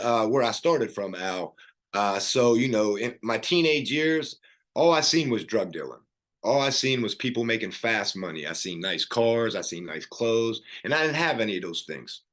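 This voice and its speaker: Middle-aged man, low voice, earnest podcast guest recounting his past with fillers and restarts. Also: a bit bright. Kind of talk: personal story in casual conversation.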